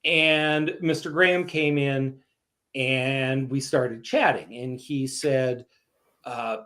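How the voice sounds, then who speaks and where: A man's voice: mid-range voice, unhurried. A man from Canada, a guest author in a casual interview, telling stories and acting out the voices of the people he quotes. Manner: animated storyteller, acts out quoted voices.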